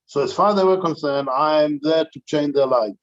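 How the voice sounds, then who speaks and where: A man's voice: on the high side, a little fast, muffled recording. An older man, a rabbi, telling an anecdotal story to a community gathering, with frequent restarts.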